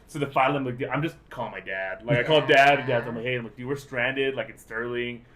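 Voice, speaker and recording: A young man hosting a podcast, rambling through an animated story in casual chat. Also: mid-range voice, fast talker, crowd noise. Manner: rambling, animated retelling with swearing and "dude". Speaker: podcast host.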